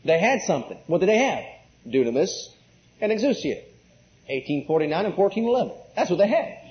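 A man's voice: high voice, big pitch swings, brisk, a little hiss or hum. A man preaching an emphatic sermon, asking the congregation questions and repeating key words. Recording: muffled lo-fi recording.

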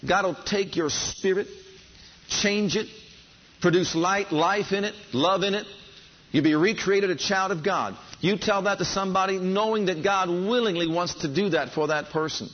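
A man's voice: sits high, moderate pace. A man preaching a sermon, fervent and building enthusiasm, calling on his listeners to respond. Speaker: pastor. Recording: dull lo-fi sound.

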